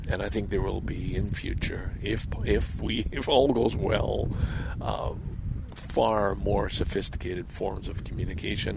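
A man's voice: lowish voice, creaky, background noise. A man delivering a rambling, heated monologue outdoors by a lake. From Canada. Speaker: vlogger.

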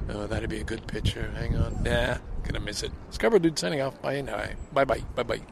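An older Canadian man with a medium-pitched, creaky voice talks fairly quickly, rambling to his listeners in a casual outdoor audio vlog. A vlogger and podcaster, he keeps interrupting himself and restarting his thoughts while at a city station and on a bench. City street and vehicle noise fill the recording.

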